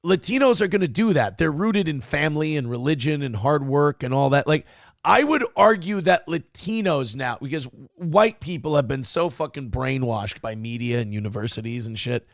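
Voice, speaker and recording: A man's voice: fairly high pitch, expressive, normal speed, vocal fry, no echo, clean studio sound. A male show host giving crude, mocking casual commentary on video clips and laughing often.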